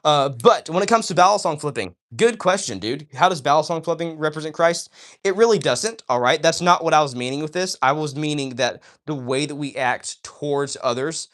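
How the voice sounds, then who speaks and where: Man, livestream host, enthusiastic, preachy, fairly high voice. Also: fairly quick, a bit bright. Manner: enthusiastic and preachy, addressing viewers directly; keeps asking "all right?". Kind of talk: casual livestream chat, reading chat aloud.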